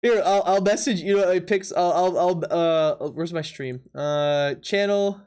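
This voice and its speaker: A live streamer chatting casually with the audience during a drawing game, laughing often and talking in quick bursts with stumbling restarts. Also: mid-range voice, a little mellow, clear, resonant tone. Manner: chatty, laughs often, talks straight to the chat.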